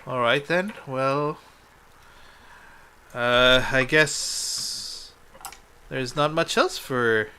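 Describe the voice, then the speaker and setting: A man's voice: medium pitch, very slow, long pauses, bright, forceful tone, slight background noise. A man voicing a regal queen who speaks in a formal, stately way.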